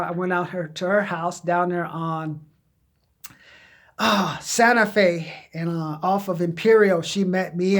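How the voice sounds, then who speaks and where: A middle-aged man from Southern California, telling candid, rambling stories about his own past as job-search advice. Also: high-pitched. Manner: rambling, candid, drifting into quoted voices. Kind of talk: casual personal storytelling.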